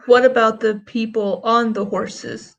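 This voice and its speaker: A woman's voice: on the high side, steady tone, a little slow. A woman playing a tabletop game, earnestly speaking to characters. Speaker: player. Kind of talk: casual game chat.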